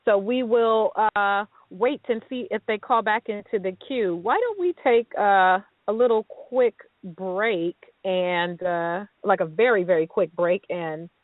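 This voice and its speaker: A woman's voice: medium pitch, a little slow, few pauses, no echo. A woman co-hosting a casual radio talk show, chatty and upbeat, often laughing. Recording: dry, tinny phone-like sound.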